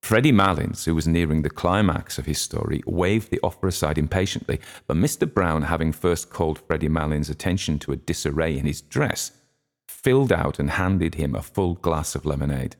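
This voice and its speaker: A man reading a classic short story aloud in measured, steady scripted narration. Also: extremely low pitch. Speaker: audiobook reader.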